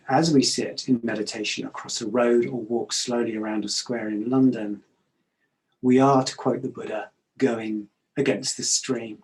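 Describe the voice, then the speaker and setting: Calm, measured man giving a talk. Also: mid-range voice, rough recording. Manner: calm, measured, with frequent hesitations. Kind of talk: reflective talk.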